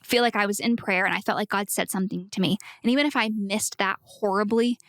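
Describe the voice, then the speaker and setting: A woman talks reflectively on a close, dry mic, with no room sound around her voice. She tells a personal prayer story in an earnest voice at a middling pitch. She sometimes acts out quotes or drops to a soft whisper. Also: steady tone, quick pace, no room sound. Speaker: podcast guest. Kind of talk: casual faith discussion.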